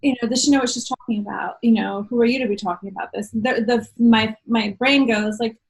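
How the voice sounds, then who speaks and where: A woman's voice: on the high side, steady tone, fairly quick, vocal fry, rough recording. A woman host asking rambling, chatty questions in an interview. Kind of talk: conversational interview.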